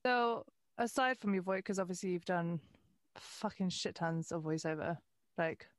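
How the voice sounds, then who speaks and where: A woman's voice: lowish voice, moderate pace, dry recording, clean studio sound. A woman host with a British accent asking questions in a casual, enthusiastic interview chat. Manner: enthusiastic, casual, swears lightly. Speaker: podcast host.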